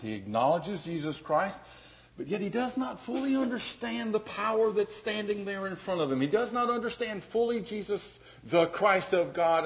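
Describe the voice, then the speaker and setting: A man preaching a sermon as pastor, dynamic, dropping to a hush and then rising loud and emphatic. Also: on the high side.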